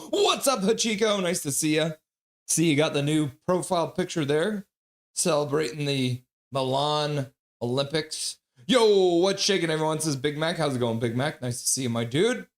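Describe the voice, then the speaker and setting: A man's voice: a little high, moderate pace. A man hosting a live hockey watch-along stream, joking around and greeting viewers from chat in a casual way. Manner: jokey, reads chat messages aloud and greets viewers.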